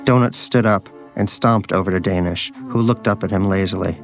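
Low-voiced man narrating a wry story. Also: moderate pace, gravelly. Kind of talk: scripted narration. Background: music.

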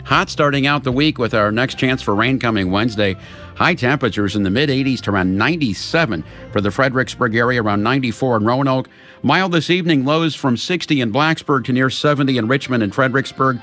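A man's voice: mid-range voice, soft background music. Man reading local radio news. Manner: steady measured delivery. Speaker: local newscaster. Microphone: studio microphone.

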